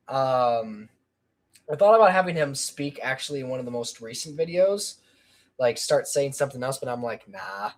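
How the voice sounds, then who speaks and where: A man's voice: medium pitch, a bit bright. A man chatting on a casual livestream about his channel, rambling with lots of ums and restarts. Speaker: channel creator.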